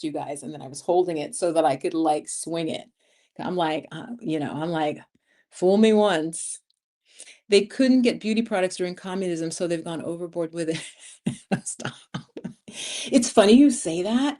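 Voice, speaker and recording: A woman in her fifties hosting a casual livestream, chatting and laughing as she reads viewer comments. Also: lowish voice. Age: 50s. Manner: chatty, laughs often, animated storytelling. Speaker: livestream host.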